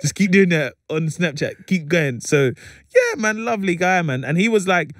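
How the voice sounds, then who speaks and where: A man tells stories in an animated, slang-filled way, his voice sitting a little higher than most men's. He sounds like a comedian guest in a radio studio. The sound is dry and close to the mic. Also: normal speed, no room sound. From England. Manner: lively, voices others in anecdotes, lots of slang fillers. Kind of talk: casual interview chat, animated storytelling. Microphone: studio microphone.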